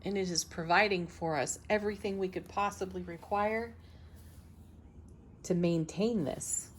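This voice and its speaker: A woman reads tarot cards for her viewers in an unhurried, gently affirming voice. Her tone sits a little low, and she often stops to laugh softly between cards. A faint hum of background noise stays under her words. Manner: slow, soothing, affirming delivery. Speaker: tarot reader, channel host. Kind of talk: tarot reading to camera.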